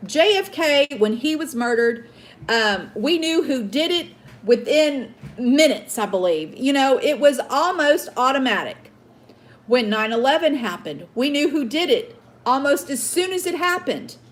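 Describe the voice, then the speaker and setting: A woman's voice: sits high, lively intonation, measured pace. A woman hosting a political commentary show, ranting indignantly at her viewers with many fillers and restarts. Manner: indignant, outraged, addresses viewers as guys. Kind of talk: opinion rant to viewers.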